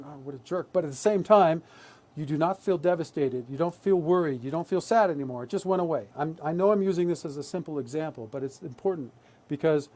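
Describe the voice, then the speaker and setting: Man, workshop presenter, earnest, keeps asking "right?", slightly high voice, mellow tone. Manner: earnest, repetitive, checks in with "right?". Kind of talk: live online workshop talk.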